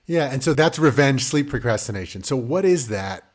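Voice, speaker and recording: A man's voice: medium pitch, animated, moderate pace. A man co-hosting a casual parenting podcast, chatty and laughing often as he talks, with some casual swearing. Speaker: podcast co-host. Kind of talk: casual chat.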